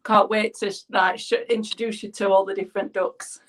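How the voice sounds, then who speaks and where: A woman's voice: medium pitch, flat delivery, moderate pace. A woman from England speaks with a Yorkshire accent. She rambles chattily between makeup steps and often slips into a giggle. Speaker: guest. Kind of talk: casual chat while doing makeup.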